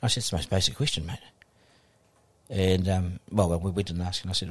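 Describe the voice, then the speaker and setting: In this laid-back podcast interview, a male guest broadcaster with a New Zealand accent talks fast in a husky, fairly low voice. His storytelling is lively, and he performs the dialogue of the people in his anecdote.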